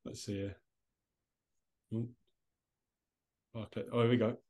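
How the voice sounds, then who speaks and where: A man's voice: lowish voice, flat delivery, a little slow, a little mellow. A man co-hosting a casual podcast, rambling and swearing offhand, calling everyone mate, over a video call. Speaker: podcast co-host. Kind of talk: casual chat.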